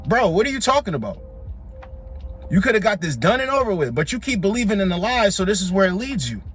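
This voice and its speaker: Blunt, high-voiced man lecturing on dating. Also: very animated, fast, fairly bright tone, soft background music. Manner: dismissive, lecturing, calls listeners bro. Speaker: dating commentator reacting to clips. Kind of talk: blunt reaction commentary.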